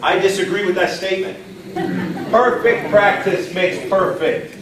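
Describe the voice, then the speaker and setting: A man from Texas giving an energetic motivational training talk to a live audience, often putting questions to the room. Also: high-pitched, measured pace, a crowd in the background. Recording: roomy echo from far off, faint ambience.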